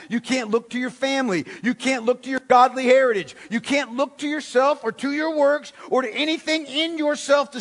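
Pastor guy preaching, really high voice for a man, hammering points w questions, long echo like a big hall. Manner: emphatic, rhetorical questions, repeats key words. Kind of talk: sermon.

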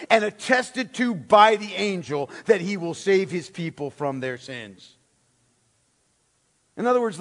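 A man preaching a sermon as pastor, emphatic, with rhetorical questions and words repeated for stress. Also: sits high. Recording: long hall reverb.

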